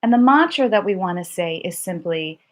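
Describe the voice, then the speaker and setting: Gentle woman guiding mindfulness exercises. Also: fairly low pitch, animated. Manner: soft, gentle and nurturing, slowing for mantras. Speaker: mindfulness teacher. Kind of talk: guided mindfulness instruction.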